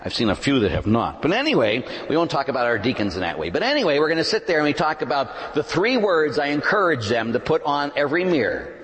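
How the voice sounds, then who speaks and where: Animated preaching man in a reverberant church. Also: fairly high pitch, fast, hardly any pauses. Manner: animated preaching that swings from loud emphatic to hushed. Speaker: pastor. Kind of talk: sermon.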